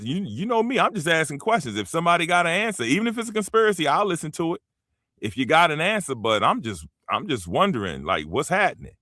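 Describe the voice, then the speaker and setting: A man hosting his own show, talking in loose, rambling opinion commentary aimed right at his audience. His pitch jumps and swoops all over the place as he stresses his points. The sound is close and dry, with no room around it. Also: no room sound. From United States. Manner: animated, rambling, emphatic, addresses listeners directly. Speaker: show host.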